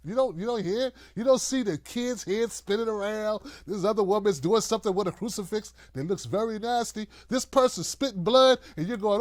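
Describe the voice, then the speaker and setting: High-voiced man ranting with mocking humor. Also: brisk, hardly any pauses, dry recording, studio quality. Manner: animated, mocking, acts out quoted voices, laughs often. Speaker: political commentary host. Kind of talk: loose rant to camera.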